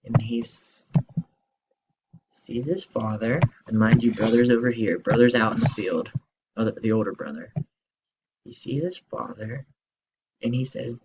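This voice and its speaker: A male teacher telling a story to children in an expressive, slow storytelling manner. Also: medium pitch, vocal fry, husky, poor audio.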